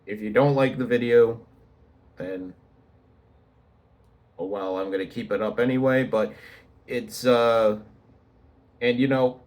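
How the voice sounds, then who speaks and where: Slow-talking, sarcastic young man. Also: medium pitch, fairly even intonation, darkish tone. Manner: rambling, sarcastic, many restarts. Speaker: YouTuber. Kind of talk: casual talking-head commentary.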